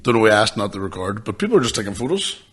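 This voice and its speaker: Guy on a podcast, husky voice, pitch bouncing all over as he tells stories and swears a lot. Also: very fast. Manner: animated storyteller, swears freely, laughs often. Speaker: podcast co-host. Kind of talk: casual chat.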